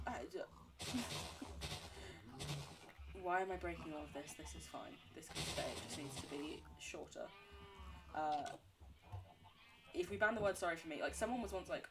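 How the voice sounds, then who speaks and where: A woman with a low voice chats casually to her viewers while she plays, rambling from topic to topic and poking fun at herself. Her pitch swings widely, and laughter runs through her talk. She sounds like she is at a home streaming setup on a desk mic. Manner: rambling, chatty, laughs often, self-deprecating; responds to chat between game talk. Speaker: livestreamer. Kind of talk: casual gameplay chat with viewers.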